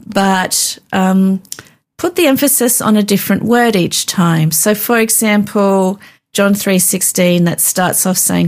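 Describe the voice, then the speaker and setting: A woman co-hosting a devotional chat, earnestly explaining practical ways to read the Bible and pray. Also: mid-range voice. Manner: earnest, practical, gently instructive. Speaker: co-host teaching Bible reading. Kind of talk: casual devotional teaching chat.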